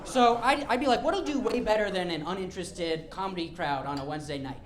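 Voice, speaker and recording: A man's voice: high voice, lively intonation, quick pace. A stand-up comedian from Denver doing a live club set, a man with a giggly, nervous, self-mocking delivery. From Denver, Colorado, USA. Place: comedy club stage before a live audience. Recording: echoey club with loud crowd laughter.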